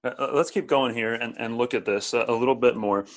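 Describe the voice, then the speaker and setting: A man preaching a sermon, often repeating words and asking the listeners to respond. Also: mid-range voice. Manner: halting, repeats words, asks audience to respond. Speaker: pastor. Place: streamed over video call and social media.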